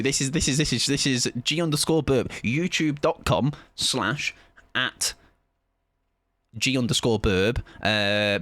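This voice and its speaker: Chatty streamer, dry close sound. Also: male voice, mid-range voice, a bit bright, dry recording. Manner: rambling, chatty, laughs often. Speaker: gaming streamer. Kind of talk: casual live-stream chat.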